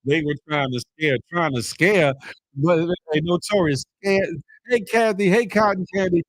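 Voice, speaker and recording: A man hosting a casual live morning show, chatting with viewers, laughing often and animated as he reads their comments. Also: high-pitched, normal speed, dry recording, rough recording. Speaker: livestream morning show host.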